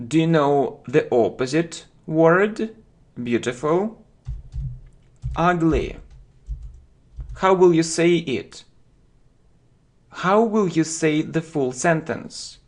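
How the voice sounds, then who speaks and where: A man teaches vocabulary at a very slow, careful pace, repeating words and phrases for his learners. His voice sits a little high for a man. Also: expressive. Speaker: English teacher.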